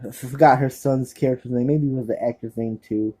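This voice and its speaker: Man, very dark voice, casual horror film vlog, rambling, lots of fillers. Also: mid-range voice, fairly even intonation, fairly quick, slightly rough, rough recording. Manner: rambling, many fillers and restarts; laid-back, offhand. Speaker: horror movie reviewer. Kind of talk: casual movie recommendation vlog.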